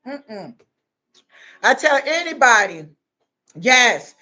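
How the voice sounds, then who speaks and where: A woman hosting a livestream, talking in a folksy, animated, preachy way and often calling listeners honey and y'all. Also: high voice, normal speed. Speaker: livestream host. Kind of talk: preachy casual livestream talk.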